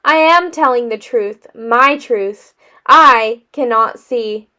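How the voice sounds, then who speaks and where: A dramatic young boy in dark glasses speaks in elaborate, formal sentences full of self-pity, as a woman reads him aloud from a storybook. The voice sits high and moves along slowly and carefully. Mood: formal, aggrieved.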